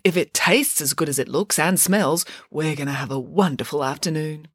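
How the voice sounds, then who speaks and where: A woman's voice: deep voice, moderate pace, slightly rough, dry recording, studio quality. A woman voicing a self-important, cake-loving female pig nanny in a storybook, talking theatrically with dramatic sighs. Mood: adoring. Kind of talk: storybook character voice.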